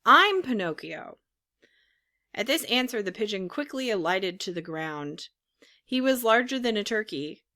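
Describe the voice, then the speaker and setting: A woman narrating a storybook in an expressive reading style. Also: medium pitch, moderate pace. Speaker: audiobook narrator. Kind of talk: scripted narration.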